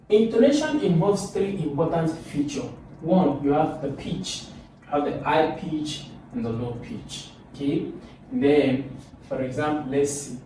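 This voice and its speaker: A man teaches a lesson in a lively, demonstrative way, pushing his pitch up to show examples. His voice is somewhat high for a man and mellow. He is recorded from a distance in a very echoey room with faint background noise. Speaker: English teacher.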